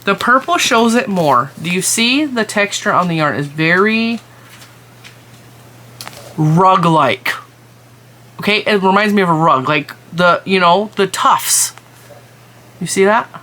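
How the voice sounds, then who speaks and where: A woman making a casual, chatty vlog, excitedly showing yarn to her viewers at home. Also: medium pitch, slow pace, long pauses. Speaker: crochet and yarn vlogger. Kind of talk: casual show-and-tell vlog.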